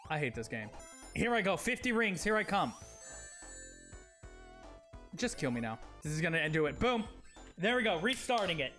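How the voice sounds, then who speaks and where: A high-pitched man streaming and clowning around, his voice leaping wildly up and down. He shouts and switches between silly voices. Music plays loudly behind him. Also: big pitch swings, normal speed, pauses often. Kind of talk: comedic voice-acted streaming skits.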